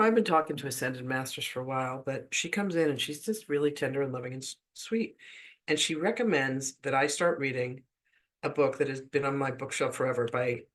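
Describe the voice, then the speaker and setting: A man's voice: medium pitch, a bit bright. A man telling a personal spiritual story in a casual, chatty way, full of "like" asides. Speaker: spiritual teacher.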